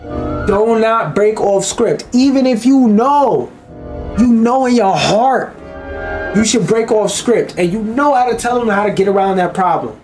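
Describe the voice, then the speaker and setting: A man's voice: high voice, measured pace, darkish tone, soft background music. A man giving a blunt, profane, ranting commentary as he reacts to a video.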